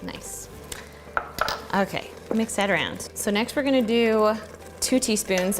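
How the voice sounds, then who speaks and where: A woman hosting a casual home cooking tutorial, chatty and relaxed, thinking aloud as she cooks in her kitchen. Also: mid-range voice, measured pace, pauses often, background noise. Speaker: cooking channel host.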